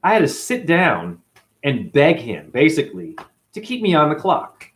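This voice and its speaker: A man's voice: a little high, wildly swooping pitch, normal speed. Emotional man telling a grievance story. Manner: emotional, recounting grievances with acted quotes. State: chronic hip pain. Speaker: janitor. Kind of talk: personal vlog storytelling.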